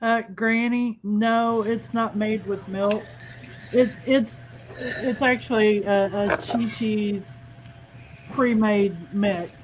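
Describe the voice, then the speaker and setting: A woman chatting on a livestream, explaining things slowly with halting restarts. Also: mid-range voice, fairly even intonation. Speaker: livestream guest. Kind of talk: casual chat on a livestream. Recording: dull lo-fi mic with clear noise.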